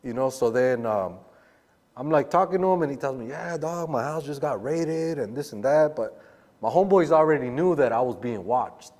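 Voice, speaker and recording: A man in casual conversation, mid-pitched and easygoing, talking in street slang and acting out the voices of others in his story. His voice hangs in a room with a long, lingering reverb. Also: expressive, moderate pace, a little mellow. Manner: laid-back street slang, acts out the quoted voices. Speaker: podcast guest.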